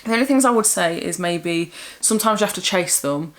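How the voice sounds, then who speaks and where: Young English woman vlogger, lowish voice, rambling and candid. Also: lively intonation, fairly quick. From England. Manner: chatty, rambling, warm and candid. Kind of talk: casual chat.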